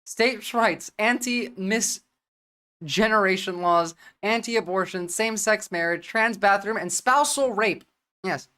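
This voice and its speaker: A woman with a New Jersey accent streaming and talking bluntly, swearing often and speaking in quick bursts. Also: medium pitch, bright, forceful tone. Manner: blunt, profane, rapid-fire. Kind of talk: livestream commentary.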